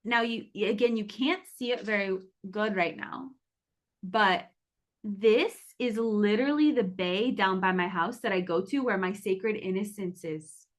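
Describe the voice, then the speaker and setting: A woman's voice: medium pitch, a little slow. A woman who founded a cacao brand, casually and earnestly sharing a spiritual story with her online community from a hotel room, full of "like"s and restarts. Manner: earnest, emotional, many "like"s and restarts.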